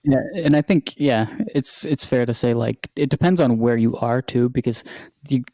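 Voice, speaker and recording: Male podcast host, Maine accent, mid-pitched, easygoing. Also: moderate pace, mellow, no room sound. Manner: easygoing, laughs, lots of "yeah". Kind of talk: casual podcast chat.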